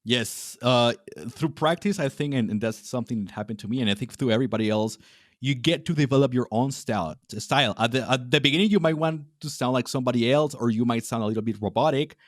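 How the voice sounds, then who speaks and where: A man's voice: mid-range voice, fast talker, no echo, clean studio sound. A Latino man hosting a podcast interview, talking casually with frequent restarts and fillers. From Latin America. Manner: hesitant, many restarts and fillers. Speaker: podcast host.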